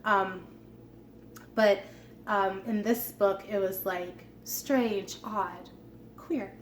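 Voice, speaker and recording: A woman's voice: mid-range voice, steady tone, very slow. A woman chatting casually as a vlogger about her books, with lots of ums and asides. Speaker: vlogger showing her book collection. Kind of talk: casual chat. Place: at home. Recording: echoey room with faint background hum.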